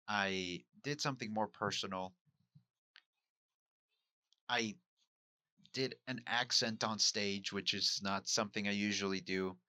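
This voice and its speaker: A man from Mexico thinks out loud in a candid solo podcast monologue, questioning himself as he goes. His voice sits a bit low but has a sharp, forceful edge. The sound is dry, with no room echo. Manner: musing, self-questioning, candid. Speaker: podcast host and amateur stand-up comic.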